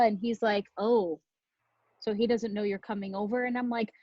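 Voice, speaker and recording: Candid laughing woman, mellow tone. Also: mid-range voice, steady tone, a little fast, no echo. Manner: candid, laughing, swears freely. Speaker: podcast host and speaker. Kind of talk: storytelling talk. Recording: dull lo-fi sound.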